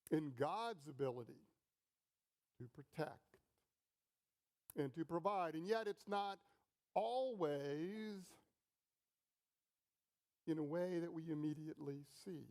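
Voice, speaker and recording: A middle-aged man preaching a sermon as pastor, storytelling slowly and deliberately with pauses, in a church. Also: a little high, darkish tone.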